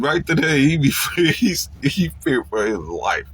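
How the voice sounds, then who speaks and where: This is an animated man swearing his way through a casual personal story, with a voice of ordinary middle pitch. He keeps tacking "man" onto his phrases. He jumps up louder and higher when he acts out his own lines. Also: slow, hardly any pauses, breathy edge. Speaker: vlogger telling a story.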